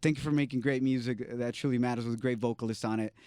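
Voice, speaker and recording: A man's voice: medium pitch, quick pace, clear, resonant tone, no echo, studio quality. A man with an American accent hosting a radio interview, hyped up and playful as he fires off questions. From United States. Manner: hype, playful, lively questions. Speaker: radio host. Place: radio studio.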